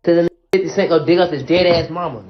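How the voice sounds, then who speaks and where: A man's voice: on the high side, racing, muffled recording, soft background music. A man in a heated livestream rant, talking in an angry, repetitive and emphatic way.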